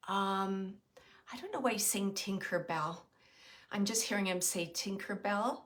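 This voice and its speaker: Bright-voiced woman doing a psychic reading. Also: mid-range voice, measured pace. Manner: hesitant, thinking aloud with many fillers; describes impressions as they come. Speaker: psychic medium. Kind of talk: live psychic reading to viewers.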